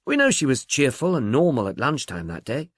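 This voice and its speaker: A man's voice: mid-range voice, wildly swooping pitch, a little fast, no room sound, studio quality. A man doing a friendly police inspector. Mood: friendly confiding. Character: friendly, confiding middle-aged police inspector.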